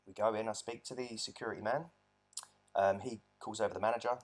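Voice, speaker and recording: A man's voice: fairly low pitch, steady tone, fairly quick, breathy edge. A man talking earnestly about his own experience in a reflective storytelling monologue, often restarting his sentences. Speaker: abuse survivor vlogger.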